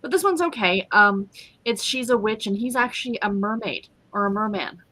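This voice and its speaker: A woman's voice: mid-range voice, normal speed, bright, forceful tone. A woman in a casual stream chat, talking animatedly and laughing often.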